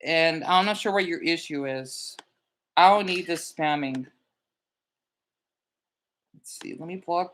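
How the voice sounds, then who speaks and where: A man chatting casually on his live stream in a rambling, animated way, answering his chat and bluntly scolding trolls. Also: a little high, takes it slowly, long pauses.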